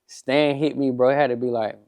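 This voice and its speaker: A young man talks through a story in a loose podcast chat, swearing freely and slipping into the voices of the people he quotes. His pitch sits in the middle of the range. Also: fairly even intonation, brisk, creaky, a little mellow. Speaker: entrepreneur guest.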